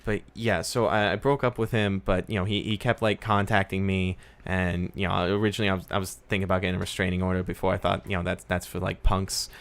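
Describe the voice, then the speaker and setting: A man voicing a tough but uneasy young woman who talks in halting, hesitant bursts. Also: deep voice, little pitch movement, creaky, a bit bright.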